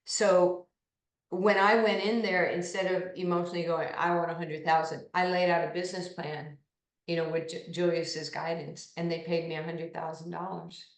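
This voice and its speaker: A woman in her sixties from New York tells lively stories as an interview guest, slipping into the voices of people she quotes. Her voice sits a little low. The room around her gives it a noticeable echo. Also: moderate pace. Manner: animated anecdotes, acting out quoted voices. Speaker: interview guest, basketball pioneer. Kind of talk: storytelling interview. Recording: echoey room.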